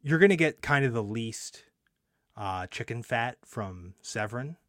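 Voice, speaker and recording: Animated man on a podcast. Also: mid-range voice, unhurried, no echo, clean studio sound. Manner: animated, laughs often. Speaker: podcast co-host. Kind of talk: casual chat.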